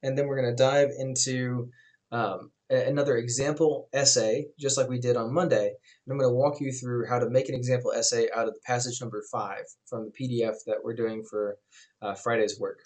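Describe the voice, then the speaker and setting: A man teaching a writing class in a relaxed, conversational way, with frequent fillers as he explains. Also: medium pitch, brisk. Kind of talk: recorded class lecture.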